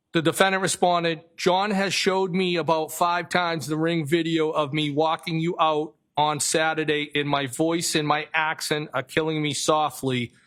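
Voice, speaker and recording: Man with a Boston accent reading texts haltingly. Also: on the high side. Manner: flat, halting reading with self-corrections. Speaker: trial witness. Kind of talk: reading text messages aloud on the stand.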